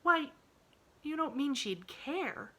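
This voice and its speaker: A woman's voice: expressive, slow, a bit bright, full character voice. A woman doing a bubbly, chirpy little girl. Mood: eager. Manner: breathless, bubbly, high girlish voice. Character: cheerful eager little girl, chatty and bright.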